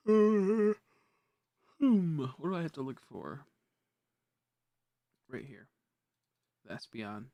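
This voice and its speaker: A man's voice: on the high side, very animated, takes it slowly, long pauses, mellow, no echo. A young man casually chatting on a live stream, rambling and correcting himself, easily frustrated. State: hiccups.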